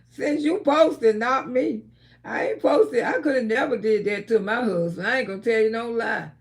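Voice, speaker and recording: A woman hosting a live stream, talking casually and trash-talking loudly, with frequent laughter. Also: a little high, measured pace, long pauses.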